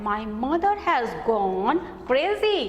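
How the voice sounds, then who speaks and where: A woman's voice: high-pitched, sing-song, takes it slowly, exaggerated voice. A woman teacher with an Indian English accent reading a grown son's complaining lines. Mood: aggrieved. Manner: aggrieved, complaining. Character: grumbling grown-up son. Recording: echoey hall.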